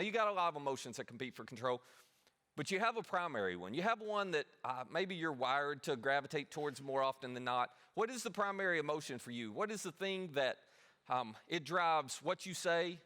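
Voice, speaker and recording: A man's voice: a little high, pushed and bright. A man preaching a conversational sermon as pastor, asking his listeners questions and poking fun at himself. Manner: conversational and self-deprecating, with rhetorical questions.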